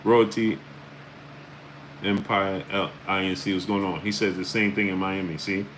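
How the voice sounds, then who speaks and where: A man's voice: deep voice, fairly even intonation, normal speed, background noise. A man hosting a casual livestream, greeting chat names and filling his talk with "uh" and "right?". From New York area. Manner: repeats "right?" and "uh" often, shouting out chat names. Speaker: livestream host. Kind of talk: casual live-stream commentary. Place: New York.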